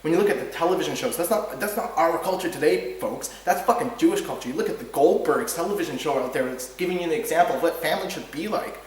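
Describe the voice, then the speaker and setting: A man with a slightly higher voice talks in a heated, rambling stream, restarting words and swearing as he goes. He sits well back from the microphone. The recording is drenched in room echo. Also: expressive, fast talker, hardly any pauses. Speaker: podcast host. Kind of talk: casual ranting monologue. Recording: very echoey room, distant mic.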